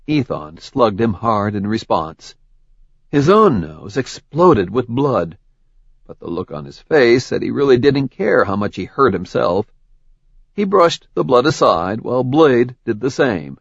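A man narrating an audiobook in an unhurried, measured way. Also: mid-range voice, big pitch swings, slightly rough, no echo, dull audio. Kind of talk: scripted narration.

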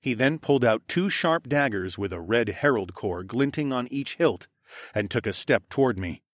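A man narrating a first-person fantasy audiobook in an expressive way, hushing for dialogue tags. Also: fairly low pitch, moderate pace, no room sound, clean studio sound. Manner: expressive, drops to a hush for tags.

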